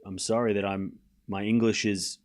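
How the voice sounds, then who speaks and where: A man's voice: lowish voice, flat delivery, moderate pace, darkish tone. A young Australian man giving casual, self-deprecating live tennis commentary to his stream chat.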